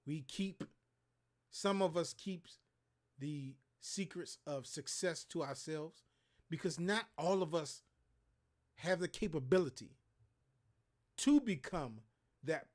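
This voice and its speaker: High-voiced man ranting with heat. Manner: heated, profane, preachy. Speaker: show host. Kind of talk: impassioned livestream rant.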